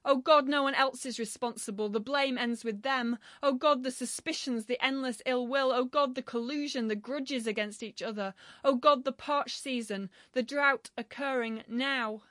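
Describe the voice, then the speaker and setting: A woman giving a solemn, measured reading of a translated poem. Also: sits high, a bit bright, dry recording, studio quality. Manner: measured, grave recitation. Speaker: poetry reader.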